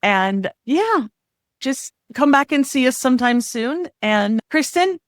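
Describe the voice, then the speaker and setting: Upbeat, higher-pitched woman podcast host. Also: animated, takes it slowly, no echo, clean studio sound. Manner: upbeat and affirming. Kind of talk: casual podcast interview.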